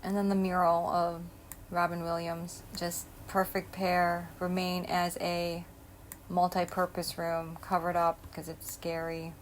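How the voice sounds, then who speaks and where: A woman's voice: lowish voice, monotone, measured pace, slight background noise. A woman hosting a solo podcast, talking in a scattered, stream-of-consciousness way, blunt and emphatic. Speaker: podcast host. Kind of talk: rambling solo podcast monologue.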